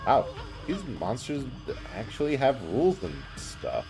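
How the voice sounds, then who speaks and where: A man's voice: mid-range voice, wildly swooping pitch, unhurried, over music. A man streaming live, giving rambling, chatty gameplay commentary and laughing often.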